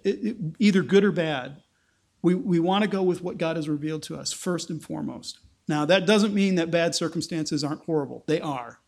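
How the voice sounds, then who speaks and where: High-voiced man preaching casually. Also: a little mellow. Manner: informal, explaining, with fillers and restarts. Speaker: pastor. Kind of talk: conversational sermon teaching.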